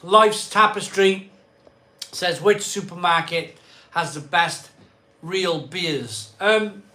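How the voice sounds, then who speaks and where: Speaking slowly in a high, bright, forceful voice, this man runs a live stream from the bar in his cold home conservatory. He rambles through viewer comments, chatting and frequently saying the same things again.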